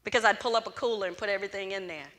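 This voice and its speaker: Speaking very fast in a medium pitch, a middle-aged woman from Louisiana closes a student event with a motivational speech, telling her story and energetically acting out the dialogue. The event hall, filled with students, sounds echoey.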